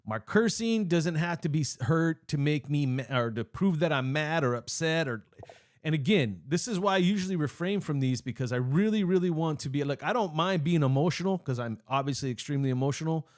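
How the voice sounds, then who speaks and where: A man's voice: a little high, animated, a little fast. A young man hosting a fan channel, ranting live with heated emotion, rambling and cutting himself off mid-thought. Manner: heated, rambling, self-interrupting. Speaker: sports fan channel host. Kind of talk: emotional live-stream rant.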